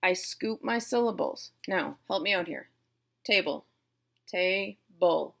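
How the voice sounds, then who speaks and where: A woman's voice: mid-range voice, animated, unhurried, creaky, fairly bright tone. A woman teacher from Boston with a Boston accent, explaining syllable types step by step and talking playfully to her viewers. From Boston, USA. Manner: playful, addresses viewers directly. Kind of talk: classroom instruction on syllable types.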